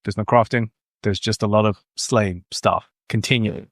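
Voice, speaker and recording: A man's voice: lowish voice, fairly even intonation, moderate pace, no room sound, studio quality. A British man hosting a casual podcast chat, talking in a chatty way and reeling off facts and figures. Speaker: podcast host.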